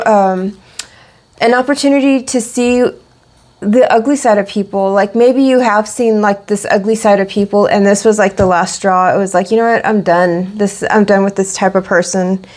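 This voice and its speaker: A woman's voice: mid-range voice, darkish tone. A woman giving a casual tarot reading, rambling with many fillers and restarts. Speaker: tarot reader.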